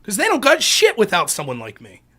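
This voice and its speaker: Man, live stream host, swearing rant, sarcastic, lively swinging pitch. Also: brisk. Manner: profane, combative, sarcastic. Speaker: livestream political commentator. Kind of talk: ranting live-stream commentary.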